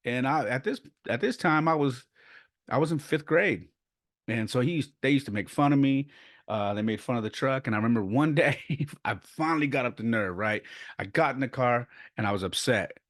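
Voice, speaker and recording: A man's voice: medium pitch, animated, a little fast, no room sound, clean studio sound. A man from San Jose hosting a podcast and telling family stories in a casual, rambling way from his bedroom at home. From San Jose, California. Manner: rambling, conversational, with restarts and laughs. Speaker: podcast host. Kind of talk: casual storytelling monologue. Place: bedroom at home, child sleeping nearby.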